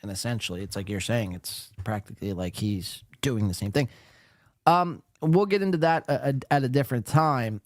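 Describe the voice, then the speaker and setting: Man, mid pitch, halting, swears, casual host chat, dry sound. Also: no room sound. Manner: talks in fits and starts, swears, stumbles when flustered. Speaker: podcast host.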